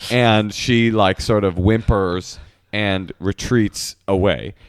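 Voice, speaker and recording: A man's voice: fairly low pitch, steady tone, slow pace, very noisy. A man co-hosting a podcast, telling a rambling comic story in casual chat and laughing through it. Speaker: podcast co-host.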